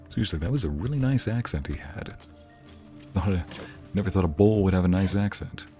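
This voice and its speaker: A young man with a lowish voice commentates his game session. His tone is loose and joking, and he chats with his viewers between moments of play. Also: a little slow, pauses often, dark tone, soft background music. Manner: joking, chatty, talks to chat. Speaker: let's play host. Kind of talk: casual gameplay commentary.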